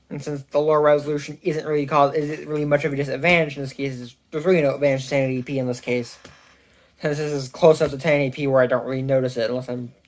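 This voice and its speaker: Here a tech reviewer, recorded on a phone mic, wanders through a casual product review at medium pitch, often stopping to restart or correct himself.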